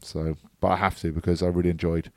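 A man's voice: sits low, little pitch movement, fast, dark tone, no echo. A man co-hosting a podcast, talking in a laid-back, chatty way. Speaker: podcast co-host. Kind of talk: casual chat.

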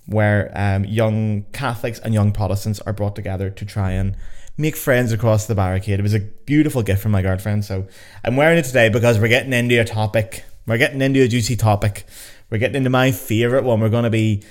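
A man in his thirties with a Belfast accent, hosting a podcast in a chatty, joking, self-mocking way. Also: mid-range voice. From Northern Ireland. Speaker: podcast host. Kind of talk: casual podcast chat.

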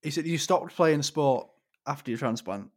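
A man interviewing a guest, asking questions in a relaxed, conversational way. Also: a little high, moderate pace.

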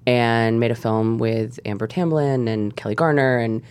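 Wry, quick-talking woman telling stories. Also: rumbling low, fairly even intonation, a little mellow, smooth. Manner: wry, quick storytelling with frequent laughs. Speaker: TV writer guest. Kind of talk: casual panel interview.

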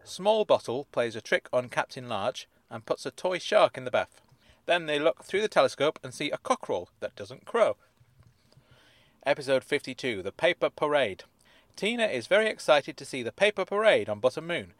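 A man's voice: on the high side, sing-song, moderate pace, a bit bright, dry recording. A man reading episode synopses aloud and adding dry, sardonic asides, chuckling as he goes. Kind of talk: casual comic commentary.

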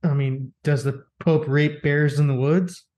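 A man's voice: on the high side, fairly even intonation, measured pace, warm tone. A young man co-hosting a podcast, swearing, joking and laughing through casual banter. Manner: profane, jokey, laughs often. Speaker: podcast co-host.

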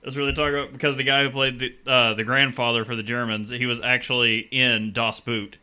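Podcast guy w a super bright voice, chatty, keeps laughing. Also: mid-range voice, flat delivery, brisk, clear, resonant tone. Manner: laughing, storytelling. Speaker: podcast co-host. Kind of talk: casual chat.

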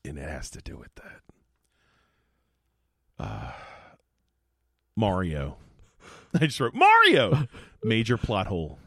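A man co-hosting a podcast in casual chat, excitable, gasping, laughing and swearing as he talks. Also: low voice, slow pace, creaky, pauses often, slightly rough, dry recording, clean studio sound. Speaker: podcast co-host.

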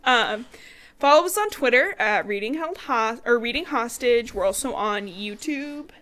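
Animated young woman recapping a book. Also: fairly high pitch, moderate pace. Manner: animated, swearing, quoting characters in her own voice. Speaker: podcast co-host. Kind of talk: casual book recap chat.

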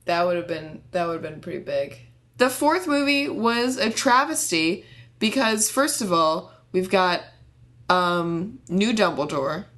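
A young woman co-hosting a casual chat, animated and laughing often, ranting with passion. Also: on the low side, unhurried.

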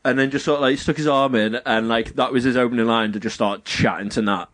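Young guy, chatty anecdote teller, mid pitch, close dead-dry mic. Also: steady tone, fast talker, fairly bright tone, dry recording. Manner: rambling anecdotal storytelling with many fillers, mimics people he quotes. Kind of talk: casual chat.

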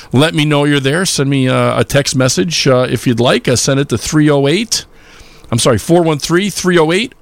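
A man's voice: mid-range voice, creaky, no echo. A man hosting a live polka radio show, chatting casually and rambling with lots of filler sounds.

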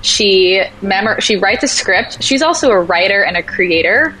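A woman talking casually as a podcast guest, animated, acting out quoted voices as she tells stories. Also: mid-range voice, moderate pace, few pauses, slight background noise, poor audio. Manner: animated storyteller, acts out quotes. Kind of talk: casual conversation.

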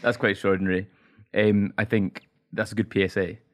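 Scottish guy hosting a pod, lowish voice, dry jokes. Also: flat delivery, brisk. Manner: dry, jokey. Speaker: podcast host. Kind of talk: casual chat.

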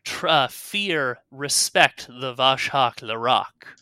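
Game master guy narrating, lots of uhs, bright tone, dry mic. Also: mid-range voice, clean tone, no echo. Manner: halting, many fillers.

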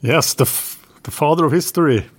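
A man's voice: on the high side, fairly quick, dry recording. Wry man in a dry room. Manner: short wry interjections, dry humor. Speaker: podcast co-host. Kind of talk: casual history podcast chat.

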